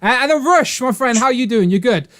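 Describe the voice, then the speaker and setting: Rich: A British man with a noticeably high speaking voice hosts a casual live stream from home. He keeps the chat light and upbeat, often breaking into laughter between lines. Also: expressive, brisk, a bit bright.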